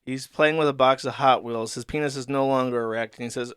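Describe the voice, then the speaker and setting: A man hosting a show, giving rapid, deadpan, mocking commentary on internet content. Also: medium pitch, smooth, dry recording, clean studio sound. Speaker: show host. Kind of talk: sardonic commentary on online content.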